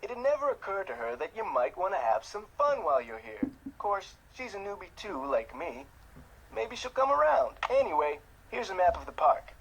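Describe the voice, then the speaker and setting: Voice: mid-range voice, sing-song, moderate pace, fairly bright tone, poor audio. An actor voicing an easygoing young security guard at an amusement park in a mystery game.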